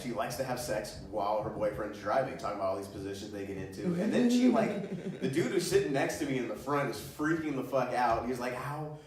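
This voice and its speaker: A man telling crude stories as a stand-up comic, laughing often as he talks. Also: medium pitch. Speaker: stand-up comedian. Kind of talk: stand-up storytelling. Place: comedy show room. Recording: roomy echo, distant mic.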